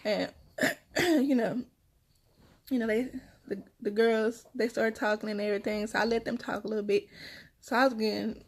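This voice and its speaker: A young woman and mother, casually telling her viewers a story in a chatty, animated way and repeating her phrases as she goes. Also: on the high side, moderate pace, pauses often. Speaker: mother vlogging about her kids.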